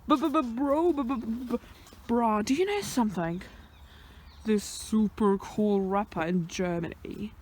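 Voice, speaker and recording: A woman vlogging on a hike outdoors, chatting nervously into a handheld camera and swinging between whispers and loud exclamations. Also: fairly high pitch, unhurried, a little hiss or hum. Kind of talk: casual vlog narration while hiking. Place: outdoors on a hillside near fenced fields.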